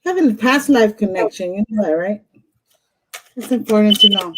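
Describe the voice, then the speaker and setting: A woman's voice: medium pitch, expressive, normal speed, heavy background noise. Blunt, profane woman reading tarot. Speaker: host, tarot reader. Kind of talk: live-stream tarot reading.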